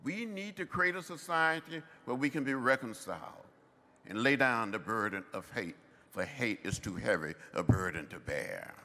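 A man in his seventies giving a commencement address in slow, emphatic, measured phrases. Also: mid-range voice, lively intonation, sharp tone, a little hiss or hum. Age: 70s. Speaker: commencement speaker. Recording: long hall reverb.

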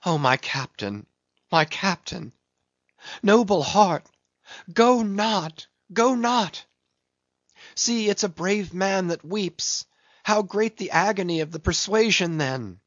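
A man's voice: high-pitched, expressive, takes it slowly, a bit bright, no echo, lo-fi sound, pitched above the performer's own voice, heavily acted. A man doing an anguished, pleading first mate. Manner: impassioned, pleading.

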